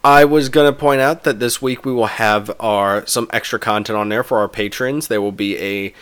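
A man's voice: lowish voice, steady tone, moderate pace, fairly bright tone, clean tone. A man co-hosting a podcast in casual chat, joking and rambling with frequent restarts. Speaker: podcast co-host.

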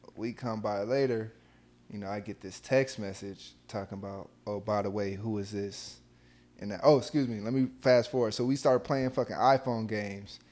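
A young man co-hosting a casual podcast, telling a story in a relaxed way with heavy slang. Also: fairly low pitch. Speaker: podcast co-host.

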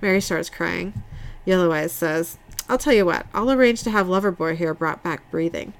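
A woman's voice: lowish voice, moderate pace, creaky. A woman co-hosting a podcast, reading scene dialogue from her notes in a casual recap. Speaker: podcast host recapping an episode.

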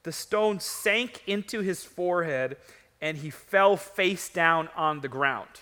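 A man preaching a sermon as pastor, telling a story in an animated way and acting out the quotes. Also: on the high side, slow, in a large hall.

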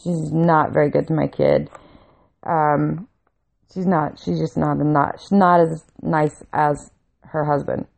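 Low, gravelly-voiced woman rambling. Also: fairly even intonation, slow, a little mellow. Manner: rambling with frequent restarts; blunt, swears freely. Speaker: vlogger. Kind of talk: casual storytelling to camera.

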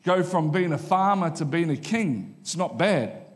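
A man's voice: a little high, animated, measured pace. A man, loose and chatty, with humour and punchy repeated lines. His voice rings out through a church auditorium with a long reverb tail from the hall. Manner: conversational and joking, with repeated punchlines. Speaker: pastor. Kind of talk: sermon.

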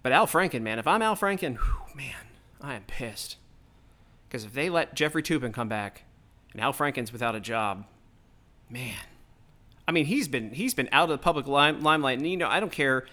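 A man's voice: mid-range voice, animated, normal speed, pushed and bright. A man hosting his own podcast, delivering a heated, profane, rambling political rant straight into the mic. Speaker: podcast host.

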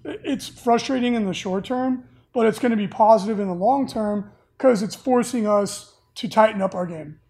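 A man hosting a casual podcast, talking things through in a measured, chatty way. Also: sits high, a little mellow. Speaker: podcast host.

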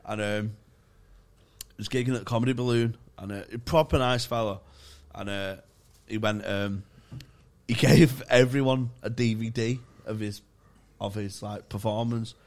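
A man's voice: on the low side, fairly even intonation. A young man co-hosting a comedy podcast, telling stories in casual chat with lots of swearing and laughter. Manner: sweary and laughing, rapid bursts. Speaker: podcast co-host. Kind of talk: casual chat, comic storytelling.

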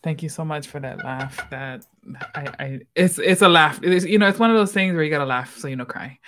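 A woman moderating a podcast panel, speaking emotionally and dropping into soft asides. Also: low-pitched, fairly quick, slight background noise. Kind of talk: casual panel discussion.

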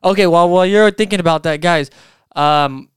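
An easygoing co-host talks in a casual, teasing way. His voice is very crisp and clean. It is recorded close, with a dry sound. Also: high-pitched, moderate pace, no echo. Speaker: podcast co-host. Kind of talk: casual chat.

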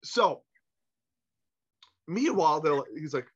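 A man telling a long anecdote as a podcast guest, animated and stumbling over his restarts, on a muffled lo-fi recording. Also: sits high, normal speed. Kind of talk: storytelling anecdote. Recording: muffled lo-fi audio.

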